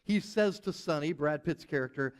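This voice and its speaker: A male pastor with a high voice delivers a sermon to a live church congregation. He tells a story in an animated way and slips into the voices of the people he quotes. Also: normal speed. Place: church service with live audience.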